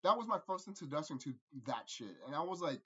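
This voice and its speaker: A man rambling through a casual movie review, profane and animated, laughing often. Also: a little high, quick pace, husky, lo-fi sound.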